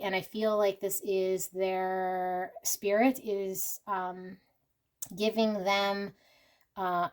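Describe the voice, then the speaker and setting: A woman reading tarot cards for her viewers, earnest and emotional, speaking straight to them. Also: medium pitch. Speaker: tarot reader. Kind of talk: intuitive pick-a-card tarot reading.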